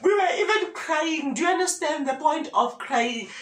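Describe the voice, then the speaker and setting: A man's voice: very high voice, lively intonation, normal speed, a bit bright. A young man in his twenties with a South African accent, telling a story to camera in a dramatic, theatrical way and often addressing viewers directly. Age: 20s. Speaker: medical student vlogger. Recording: roomy echo, faint ambience.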